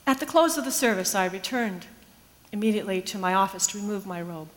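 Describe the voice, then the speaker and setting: A woman pastor telling a personal faith story in an earnest, measured, reflective way. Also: mid-range voice. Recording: long hall reverb.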